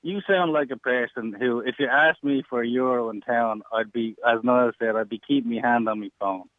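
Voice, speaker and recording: A man's voice: mid-range voice, normal speed, no echo. A man with a South Dublin Irish accent calling a radio show, blunt, condescending and crude as he argues. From Ireland. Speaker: caller. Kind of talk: heated radio phone-in argument. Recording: tinny phone line.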